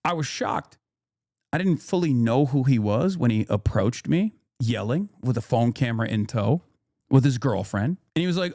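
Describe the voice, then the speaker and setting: A man's voice: mid-range voice, expressive, normal speed, vocal fry, warm tone, no room sound, studio quality. A man in his thirties streaming a profane, angry rant, retelling a run-in and quoting people in raised voices. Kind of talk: profane ranting commentary.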